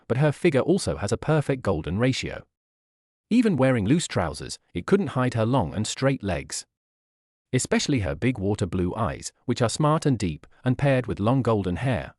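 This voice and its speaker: A man reads a web novel aloud as the narrator, keeping an even, steady pace. His pitch rises and falls a lot, and the recording is dry with no room sound. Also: no room sound.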